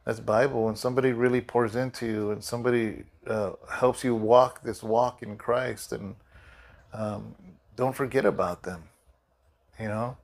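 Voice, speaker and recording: A man's voice: medium pitch, steady tone, moderate pace, creaky. A middle-aged man, a pastor, giving a casual devotional talk in a loose, rambling way with many fillers and restarts, sleepy and yawning.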